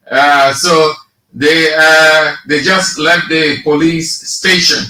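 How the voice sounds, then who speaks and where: A man with a Liberian English accent hosting a radio talk show, giving slow, sarcastic political commentary and reading statements aloud. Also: fairly high pitch, pushed and bright, echoey room, poor audio.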